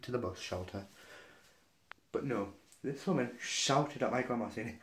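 A man's voice: medium pitch, unhurried, long pauses, a bit bright. A young man from Newcastle, telling a story in a casual vlog, chatty and gossipy, with some swearing. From Newcastle, England. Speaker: vlogger.

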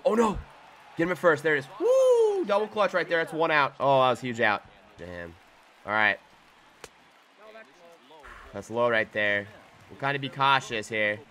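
A young man giving live gameplay commentary, muttering to himself one moment and shouting in excitement the next. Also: medium pitch, normal speed, pauses often. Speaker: gaming YouTuber.

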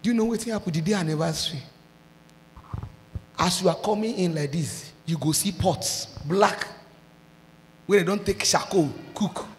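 A Nigerian woman pastor preaching a sermon, breaking into shouted and sung outbursts. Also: on the low side, moderate pace, long pauses, long reverb tail, slight background noise.

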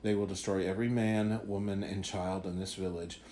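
A man voicing a calm, mysterious hooded stranger with a measured, knowing, faintly wry delivery. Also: sits low, slight background noise, natural voice. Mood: ominous.

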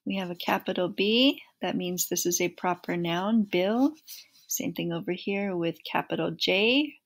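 A woman teaching a first grade phonics lesson, repeating short words slowly and clearly for children to blend. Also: fairly low pitch. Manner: slow, clear word-by-word repetition.

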